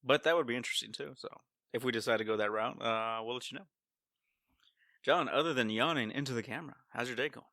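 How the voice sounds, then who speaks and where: A man co-hosting a podcast in casual chat, laid-back and quick to laugh. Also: medium pitch, sharp tone, no room sound, studio quality. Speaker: podcast co-host.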